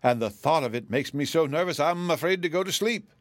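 A man's voice: fairly high pitch, animated, brisk, no room sound, pitched above the performer's own voice. A man puts on a jumpy, fretful fellow whose voice rises and dips with worry. He frets over small dangers, and the dry, close reading keeps every anxious turn in plain earshot. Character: jittery fearful grown man, easily frightened.

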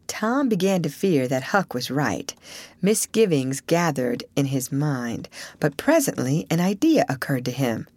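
Low-voiced woman reading a classic story. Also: no room sound. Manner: measured, expressive storytelling. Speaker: narrator. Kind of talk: audiobook reading of a classic novel.

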